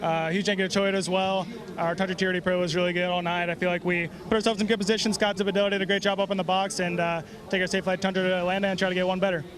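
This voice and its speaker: A man, a race driver, giving a quick, matter-of-fact post-race interview. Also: sits high, flat delivery. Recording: crowd noise behind.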